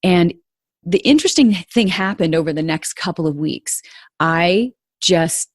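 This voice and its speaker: Earnest woman podcaster, low dry voice. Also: animated, measured pace, dry recording. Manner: earnest and confiding, addresses listeners as "you guys". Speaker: podcast host. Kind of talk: personal storytelling podcast.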